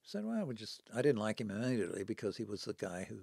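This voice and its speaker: A man's voice: lowish voice, very fast, gravelly, darkish tone, no room sound, studio quality. A man in his seventies, a podcast guest, telling stories in conversation and acting out the people he quotes. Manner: dramatic storyteller who acts out the people he quotes. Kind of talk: storytelling in conversation.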